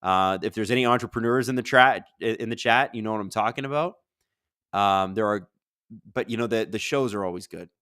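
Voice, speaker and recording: A fairly low, smooth male voice moves at a fairly quick clip, recorded at studio quality with no room sound. He's hosting a live hockey watch-along, energetic and prone to rambling, mixing casual chat and game commentary while reading viewers' questions aloud.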